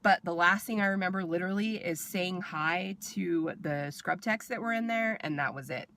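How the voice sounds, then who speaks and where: A woman vlogger casually telling a personal storytime with animated asides and fillers. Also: lowish voice, moderate pace, slight background noise.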